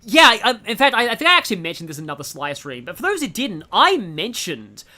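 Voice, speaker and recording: A young Australian streamer talks through a game in a bright, lively voice, bouncing up and down in pitch. They ramble eagerly, trail off and start again, keeping the talk loose and casual. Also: fast. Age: 20s. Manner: chatty and enthusiastic, trails off and restarts a lot.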